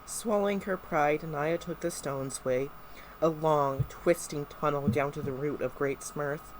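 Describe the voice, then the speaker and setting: A co-reader narrating a novel aloud in a steady, even way. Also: medium pitch, a little slow, noisy background. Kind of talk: live read-aloud of a novel.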